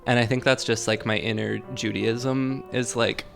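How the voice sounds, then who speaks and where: A man with a gravelly, creaky voice at an ordinary pitch, chatting casually as he hosts a songwriting session. He talks in a playful, rambling way, stringing thoughts together with plenty of "like" and quick laughs. Faint music sits underneath. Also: steady tone. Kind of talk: casual chat.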